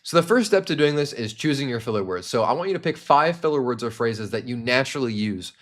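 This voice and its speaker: A young man teaching a sales training class in an energetic instructional monologue, now and then acting out short example lines. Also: medium pitch. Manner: energetic, demonstrates tones with quick acted examples. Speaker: sales coach.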